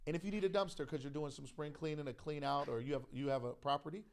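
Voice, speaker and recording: Joking guy cohosting a live show, gravelly voice a bit high, AAVE, laughs a lot. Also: fairly even intonation, quick pace. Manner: laid-back, joking, frequent laughter. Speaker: co-host. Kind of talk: casual live-stream chat.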